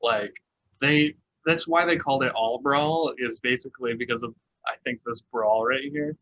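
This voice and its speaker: Bright-voiced man on a casual podcast. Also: medium pitch, normal speed, lo-fi sound. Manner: chatty, laughs often, many "like" fillers. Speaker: podcast co-host. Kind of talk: casual chat recapping a reality show.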